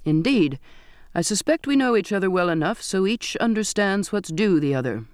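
Man voicing a courtly sea captain, stern, sardonic, firm clear voice, slightly high, dry sound. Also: animated, moderate pace, no room sound. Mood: commanding. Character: stern, courtly, contemptuous male ship captain.

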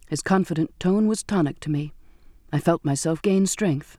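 Man narrating a storybook, fairly high voice. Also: moderate pace, warm tone, dry recording, studio quality. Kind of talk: first-person storybook narration.

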